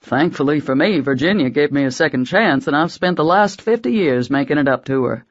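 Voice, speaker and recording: A woman's voice: deep voice, lively intonation, brisk, muffled recording. A woman voicing a blunt, kind old grandfather with a drawl. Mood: gruff advice.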